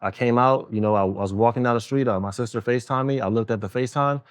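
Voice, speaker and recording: A man's voice: mid-range voice, fast talker, clear, resonant tone, no echo, clean studio sound. A man hosting a casual conversation, telling a personal story with lots of fillers and acting out other people's voices. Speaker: host.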